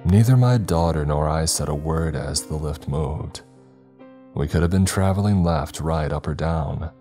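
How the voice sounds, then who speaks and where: A man narrating a first-person horror story in a measured, ominous way. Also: very deep voice, warm tone. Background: faint background music.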